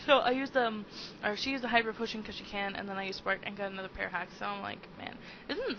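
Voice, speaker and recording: Young woman, twenties, let's play commentary, giggly, hyper, rambling, dull lo-fi recording, faint hiss. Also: medium pitch. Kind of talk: casual gameplay commentary.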